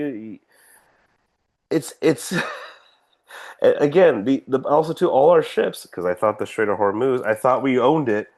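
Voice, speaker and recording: A man's voice: mid-range voice, animated, a little slow, pauses often, darkish tone. A man co-hosting a casual podcast, ranting sarcastically and swearing freely. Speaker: podcast co-host. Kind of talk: casual political podcast chat.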